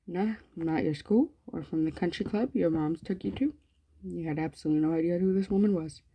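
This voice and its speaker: Gamer woman reading a visual novel out loud, husky and warm, chatty with swear-y little asides. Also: fairly low pitch. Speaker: gaming channel host.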